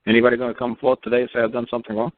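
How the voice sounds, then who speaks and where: A man's voice: medium pitch, monotone, very fast. Brash profane man on a tinny line. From New York. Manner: brash, profane, repetitive rhetorical questions. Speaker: radio show host. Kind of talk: blunt call-in advice. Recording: tinny phone-line sound.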